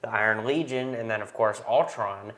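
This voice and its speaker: A man's voice: lowish voice, moderate pace, fairly bright tone. A young man hosting a casual movie review chat, talking with enthusiasm. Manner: enthusiastic, chatty, quotes lines in put-on voices. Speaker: host.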